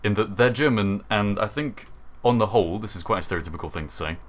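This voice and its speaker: A British man hosting a casual livestream chat on a voice call, animated and quick to laugh. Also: on the low side. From Britain. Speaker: host.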